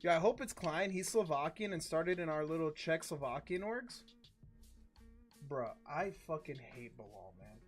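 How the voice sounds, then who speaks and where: A man's voice: a little high, expressive, moderate pace, soft background music. A man hosting a live card-break stream, chatting casually with slangy, profane banter.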